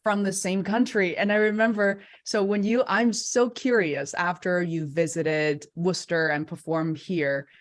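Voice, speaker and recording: A woman hosts a casual interview chat in a fairly low voice. She talks in an animated way, laughs easily and jumps higher when she acts out what others said. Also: unhurried, few pauses. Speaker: host.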